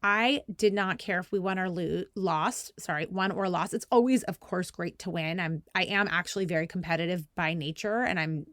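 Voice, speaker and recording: A podcast host in her thirties tells a story casually at a moderate pace with hardly any pauses, recorded in studio quality with no room sound. She's animated and laughs often, uses "like" constantly, and acts out quotes in a higher, playful voice.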